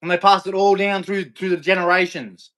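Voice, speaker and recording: A man's voice: high voice, little pitch movement, a little fast, fairly bright tone. A middle-aged Australian man ranting angrily to camera, profane, aggressive and repetitive. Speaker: vlogger. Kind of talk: angry rant to camera.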